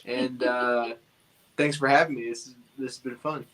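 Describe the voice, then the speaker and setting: A man's voice: mid-range voice, fairly even intonation, moderate pace, fairly bright tone, a little hiss or hum, poor audio. A man from Ohio, a guest on a casual podcast, speaking in an easygoing, laid-back way. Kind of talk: casual chat.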